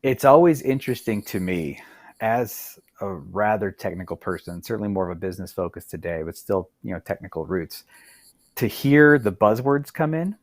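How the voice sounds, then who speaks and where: A middle-aged man, a guest in a casual interview, making animated, opinionated points and tagging them with "right?". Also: fairly low pitch, normal speed, dry recording.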